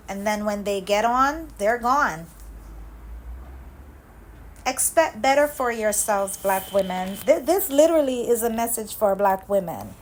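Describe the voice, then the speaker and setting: A woman with a fairly high voice hosts a reaction vlog, ranting with angry, impassioned conviction and driving her points home through repetition. The audio quality is poor. She runs a commentary channel.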